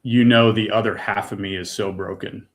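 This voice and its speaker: Middle-aged male guest, lowish voice, earnest and emotional personal testimony, casual talk. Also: fairly even intonation, moderate pace. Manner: earnest, emotional storytelling with casual fillers like "dude" and "man". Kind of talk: personal testimony in a podcast interview.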